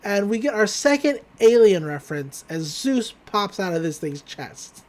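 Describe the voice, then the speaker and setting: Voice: medium pitch, sing-song, measured pace, darkish tone. A podcast host giving a loose, chatty recap of a cartoon episode, swearing casually and laughing often.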